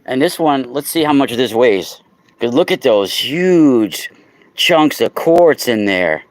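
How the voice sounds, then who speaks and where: A man chatting casually on a livestream, exclaiming loudly and talking straight to his viewers while selling crystals. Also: medium pitch, animated, slow, no echo. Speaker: crystal seller and podcaster. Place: indoors at home.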